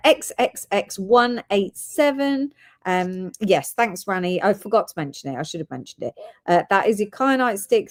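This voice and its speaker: A woman's voice: fairly low pitch, darkish tone. Chatty woman hosting a sale. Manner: chatty, reads out orders and codes. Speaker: live sale host. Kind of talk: live shopping sale.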